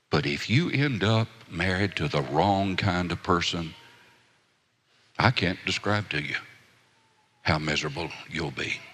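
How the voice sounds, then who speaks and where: A man's voice: mid-range voice, fairly bright tone. A man preaching a sermon in a folksy storytelling manner, with asides and rhetorical questions. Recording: echoey hall.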